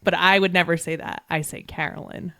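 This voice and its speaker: A woman with a New Jersey accent co-hosts a podcast in a relaxed chat, wry and easily exasperated. Her voice is smooth and a touch low. The sound is close and dry. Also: a little fast, no room sound. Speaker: podcast co-host. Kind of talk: casual chat.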